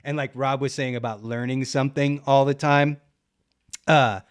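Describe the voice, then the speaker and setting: A middle-aged man hosting a relaxed podcast chat, with a voice of middling pitch. He rambles through his points, leans on fillers and breaks into easy laughs. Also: moderate pace, smooth. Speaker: podcast host and record cover artist. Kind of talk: casual conversation.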